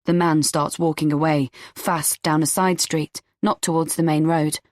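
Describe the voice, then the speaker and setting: A woman reading a first-person audiobook in a tense, measured storytelling manner. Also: deep voice, steady tone, dry recording, studio quality. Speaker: audiobook narrator.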